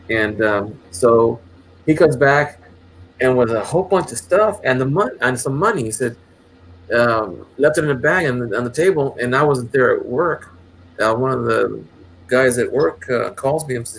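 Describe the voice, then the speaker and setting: A man's voice: medium pitch, moderate pace, vocal fry, fairly bright tone, slight background noise. A man casually telling a long, rambling story, with many restarts and acted quotes. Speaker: channel host.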